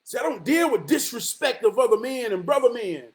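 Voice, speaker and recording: A man giving a preachy motivational monologue, emphatic and profane, often rising to a shout and slowly repeating key lines for weight. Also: extremely high pitch, big pitch swings. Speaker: motivational vlogger.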